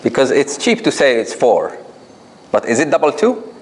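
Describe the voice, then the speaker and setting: A man teaching a recitation class, patiently explaining rules, asking his students questions and demonstrating with drawn-out chanted examples. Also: medium pitch, sing-song, low-quality recording. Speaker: tajweed teacher.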